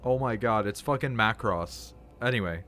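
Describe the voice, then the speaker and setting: A man's voice: on the low side, normal speed, fairly bright tone, a little hiss or hum. A man giving casual, offhand commentary while playing a video game, swearing now and then.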